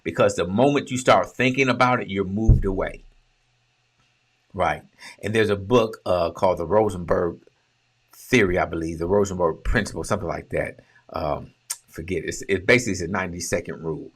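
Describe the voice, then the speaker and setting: Deep-voiced man coaching on relationships. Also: a little fast, slightly rough. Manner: emphatic, teaching, asks and answers his own questions; conversational, with colloquial phrasing. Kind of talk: motivational relationship talk.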